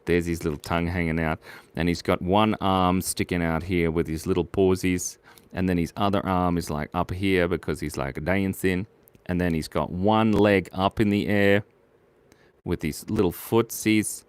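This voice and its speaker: A man live-streaming while drawing, chatting playfully, muttering quietly as he works and jumping to squeaky, excited highs. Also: normal speed, smooth, no room sound. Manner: playful, jumps to squeaky high bursts of excitement.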